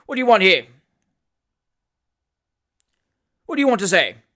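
A reader voicing a pompous, blustering male magistrate in an audiobook, speaking loudly, sharply and pettishly. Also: medium pitch, lively intonation, fairly quick, lightly acted. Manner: loud, peremptory and pettish. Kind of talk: audiobook character voice.

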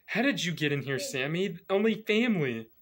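A man's voice: a little high, very animated, a little fast, a bit bright. A man hosting a reaction video, chatting casually and exclaiming at what he watches.

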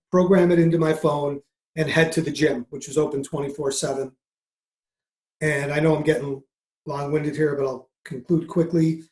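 A man's voice: on the high side, a little mellow. A middle-aged man, a guest on a podcast, earnestly telling a personal story and acting out past conversations. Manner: earnest, re-enacts conversations in quotes. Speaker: podcast guest, mindset coach. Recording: roomy echo.

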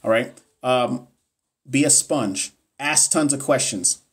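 A man's voice: medium pitch, slow pace, breathy edge. A man coaching nursing students on a livestream. He reads chat comments aloud and answers viewers by name in a blunt, profane, encouraging way.

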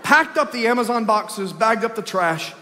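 Animated pastor, high lively voice. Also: male voice, normal speed, slight background noise. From Texas. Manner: animated preacher with swings between loud calls and hushed storytelling. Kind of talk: lively Easter sermon with a personal story. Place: church sanctuary, live service. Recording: long church hall reverb.

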